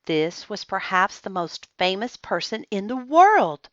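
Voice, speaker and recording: A woman reading a children's book aloud in a slow, expressive storytelling manner. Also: medium pitch, no echo, highs cut off.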